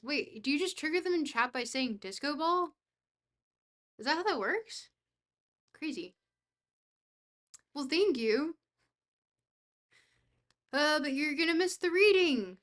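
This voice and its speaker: Young streamer, kinda high voice, just reading chat and riffing dry jokes back at it. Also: sing-song, slow pace, long pauses, fairly bright tone. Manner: reads chat aloud and answers it; dry, joking, rambling. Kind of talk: casual livestream chat.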